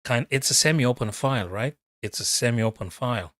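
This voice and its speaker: A man's voice: medium pitch, normal speed, a bit bright, dry recording, clean studio sound. A man, a chess coach, giving casual live commentary on a game, chatty and thinking aloud as he talks to his viewers.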